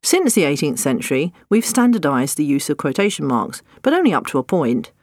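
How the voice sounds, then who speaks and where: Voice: mid-range voice, big pitch swings, fairly quick, dry recording. Wry narrator, dry close sound. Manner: wry, dryly humorous. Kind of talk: scripted nonfiction narration.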